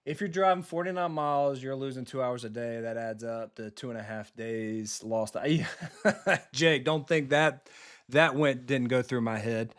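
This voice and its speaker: He speaks at a medium pitch, unhurried, with a clear, resonant and slightly bright tone. The man is a streamer and football coach giving laid-back live commentary on a football video game, swearing liberally and responding to viewers.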